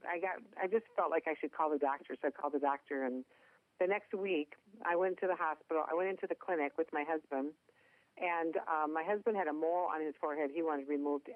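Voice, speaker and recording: A woman's voice: deep voice, dry recording. Woman guest, Minnesota accent, folksy and joking, heard down a phone line. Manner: chatty, self-deprecating humor. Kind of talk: phone interview. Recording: tinny dry phone line.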